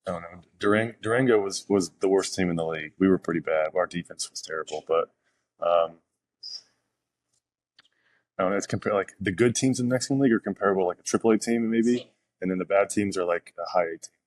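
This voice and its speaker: A young man, a professional pitcher, telling stories casually as a podcast guest, rambling with fillers and restarts. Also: quick pace, dry recording. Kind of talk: casual interview storytelling.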